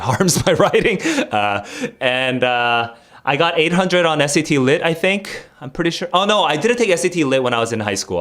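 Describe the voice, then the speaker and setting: A young man with a mid-range, fairly bright voice streams casually, rambling with lots of fillers and restarts. Acting as a streamer and test tutor, he mixes livestream chat with quizzing his viewers on vocabulary.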